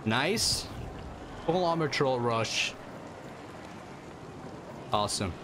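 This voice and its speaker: A streamer from northern England, with a Northern English accent, gives casual, animated livestream commentary, swearing freely and laughing a lot. His voice is medium-pitched and very slow, with background noise behind it.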